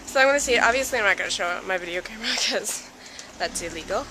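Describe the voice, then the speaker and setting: With lively intonation and a quick pace, a young woman's mid-range voice comes through a noisy background. She's at home chatting to camera in a vlog, ranting and laughing about her embarrassing day.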